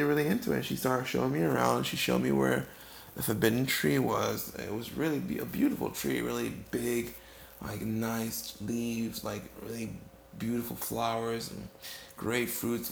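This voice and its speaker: A man telling a rambling comic story, halting and restarting often, tired and yawning. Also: medium pitch, creaky. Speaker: comedic storyteller. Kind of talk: improvised comedic monologue. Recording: echoey room with faint noise.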